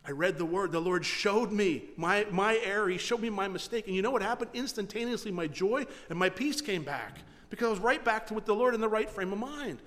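A man preaching a sermon as pastor, telling stories in a lively way with quick repeated phrases, then dropping to a low, quiet voice for solemn points. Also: in a large hall. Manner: animated storytelling with rapid repetitions and self-mocking asides.

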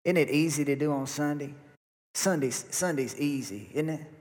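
A male pastor delivers an emphatic sermon, repeating phrases for weight. His voice sits a little on the high side. The sound carries a long reverb from a church sanctuary. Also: normal speed, darkish tone. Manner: emphatic preaching with repetition.

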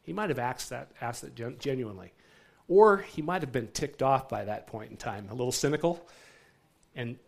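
A male pastor delivers a sermon in a church hall in a relaxed, conversational way. He speaks at an ordinary pitch. He often turns to his listeners with quick questions. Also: gravelly. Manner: conversational, asks the congregation "right?" often.

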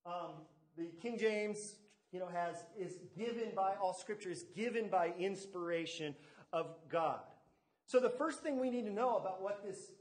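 High-voiced man preaching in an echoey church. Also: moderate pace. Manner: teaching with stress on key words and asides to the congregation. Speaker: pastor. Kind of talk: sermon. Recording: echoey room.

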